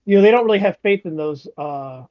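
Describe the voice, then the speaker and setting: A man's voice: high voice, expressive, fairly quick, no room sound, muffled recording. A man co-hosting a casual chat, talking in a hesitant way. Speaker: podcast co-host.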